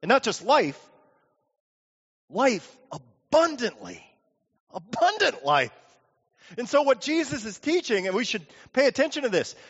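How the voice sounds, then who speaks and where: A man's voice: extremely high pitch, fairly bright tone. A man preaching a sermon in a church sanctuary, telling stories and acting out the people he quotes. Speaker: pastor. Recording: dull lo-fi audio with long hall reverb.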